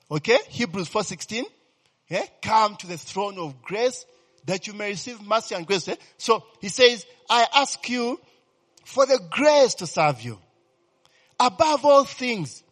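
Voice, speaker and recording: A man preaches with a lively, high voice that has a husky edge, tossing questions at his listeners and answering them himself. He keeps checking in with the room and swells into loud exclamations of praise. The sound carries a long echo, as from a large hall, with faint music underneath. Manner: call-and-response, rising to loud exclamations; asks the congregation questions and repeats "eh?". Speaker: pastor. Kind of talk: sermon.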